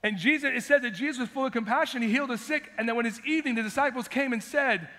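High-voiced pastor preaching in a hall. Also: male voice, fast talker, pushed and bright. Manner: emphatic, repeats phrases, calls out "amen". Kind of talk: sermon. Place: church sanctuary. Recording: long hall reverb.

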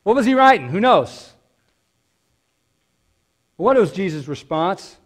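Guy pastor preaching, pretty high voice, chatty and emphatic, lots of rhetorical questions. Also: sing-song, slow pace, pauses often. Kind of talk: sermon.

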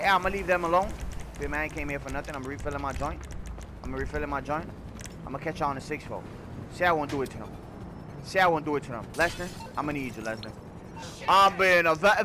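A man giving loud, animated, slang-filled commentary while playing a video game, swearing often. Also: on the high side, noisy background. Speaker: gaming YouTuber. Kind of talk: casual gameplay commentary.

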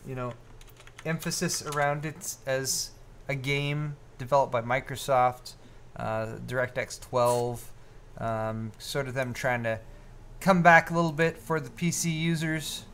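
A man's voice: medium pitch, steady tone, a little slow, fairly bright tone, smooth. A man co-hosting a live tech stream, chatting casually and rambling, with lots of fillers and restarts. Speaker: co-host of a live tech show.

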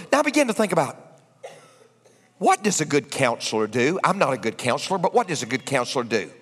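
A man preaching a sermon, swinging from hushed asides to shouted lines. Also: mid-range voice, sing-song, a little fast, breathy edge. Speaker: pastor. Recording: echoey church hall.

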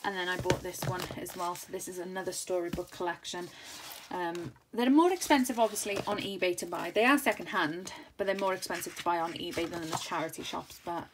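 A woman in her thirties with a lowish, steady voice talks fairly quickly through a craft haul for her channel. It's an enthusiastic, casual, rambling chat packed with fillers, recorded at home with background noise.

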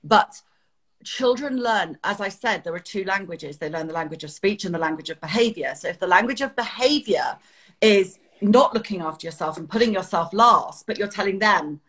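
A woman from Britain talks through parenting ideas in a relaxed interview. Her voice is soft and a little breathy, at a middle pitch. She speaks earnestly and colours her stories by acting out what others said. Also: moderate pace. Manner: earnest, expressive, acts out quotes. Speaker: guest, children's author. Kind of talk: casual interview chat.

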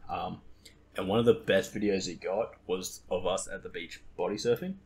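A man's voice: deep voice, steady tone, normal speed, gravelly, darkish tone, a little hiss or hum. A young man hosting a podcast in casual chat, rambling and laughing at his own stories. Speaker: podcast host.

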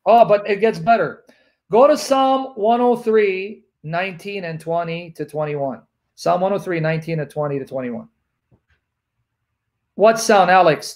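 A man's voice: sits high, darkish tone. A man hosting a livestream, teaching from scripture and hammering his points home with repetition. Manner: emphatic, repeats points for the audience. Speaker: livestream host. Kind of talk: teaching Bible study talk.

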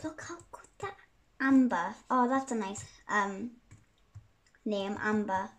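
A young girl chatting through her gameplay, giggly and quick to say sorry. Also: mid-range voice. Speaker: gaming YouTuber. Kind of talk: casual gameplay commentary.

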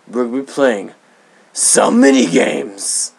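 A man's voice: medium pitch, slow, creaky, husky, pitched below the performer's own voice, exaggerated voice. A man putting on a grandiose, theatrical announcer voice, drawn out, pompous and a little strained. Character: grandiose male showman announcer voice.

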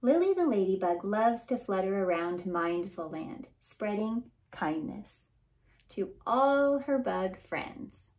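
A woman, a children's author and librarian, reading a storybook aloud in a warm, expressive storytelling voice. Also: mid-range voice, slow pace.

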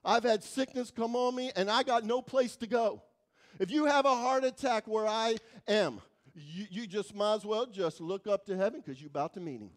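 A man preaching as a guest speaker in church, telling stories dramatically, swinging from loud to hushed. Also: high voice, moderate pace. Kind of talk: sermon storytelling.

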